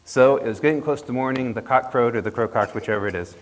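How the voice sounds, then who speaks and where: A man's voice: medium pitch, fast, slight background noise. A man telling a folk tale to a congregation in a playful, chatty way, with jokey asides. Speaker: storyteller. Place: church hall. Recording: long reverb of a hall.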